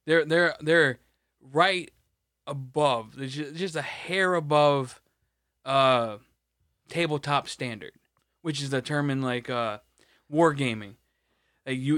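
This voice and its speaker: A man's voice: medium pitch, a little slow, fairly bright tone, no echo, studio quality. A man co-hosting a podcast in casual chat, rambling and swearing with many restarts. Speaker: podcast co-host.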